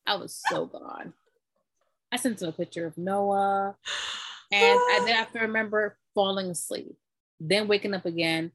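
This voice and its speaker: Woman telling a lively story, dry sound. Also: mid-range voice, moderate pace, no room sound. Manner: animated storytelling, acts out quoted voices. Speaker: storyteller recounting giving birth. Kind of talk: casual chat.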